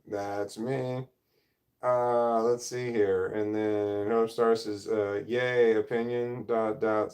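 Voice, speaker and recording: Indoors at home, a middle-aged man runs a relaxed livestream, working through chat messages and drifting into side topics. His voice sits lowish, creaky and a touch mellow, and his manner is self-deprecating and easily sidetracked. A desk-mounted camera or phone mic picks him up.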